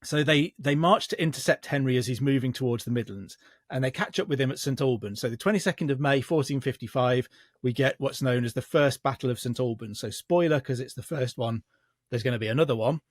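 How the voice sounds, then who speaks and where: A man's voice: mid-range voice, no room sound. Man explaining history, dry sound. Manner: measured storytelling with frequent restarts. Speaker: historian guest. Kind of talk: casual podcast explanation of history.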